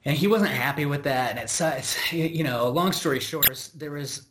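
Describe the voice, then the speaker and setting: A man's voice: a little high, normal speed, noisy background. An American man hosting a podcast, telling a work story in a rambling, exasperated way with many restarts and asides. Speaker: podcast host. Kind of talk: casual conversational storytelling.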